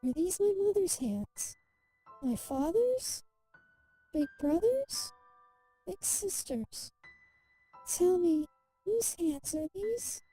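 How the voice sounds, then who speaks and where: A woman voicing a young dying girl with a high, pleading, childlike voice. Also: expressive, slow, pauses often, dark tone, soft background music, full character voice. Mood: tender.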